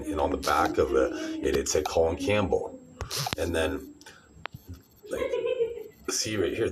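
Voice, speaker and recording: A man's voice: rumbling low, background noise. A man in his forties talking to the camera in a rambling, agitated monologue, repeating himself and restarting sentences. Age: 40s.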